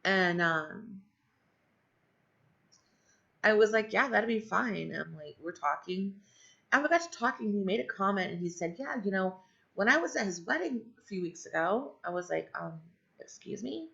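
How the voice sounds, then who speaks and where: Middle-aged woman, storyteller, rambling with asides; raspy fry, muffled lo-fi audio. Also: medium pitch, lively intonation, normal speed, fairly bright tone. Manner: rambling, many fillers and asides. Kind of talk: personal storytelling. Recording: dull lo-fi sound.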